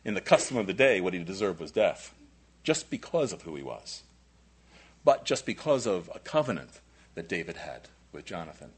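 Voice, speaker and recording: A man preaching a sermon, moving between loud emphatic lines and near whispers. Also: deep voice, big pitch swings, moderate pace, husky.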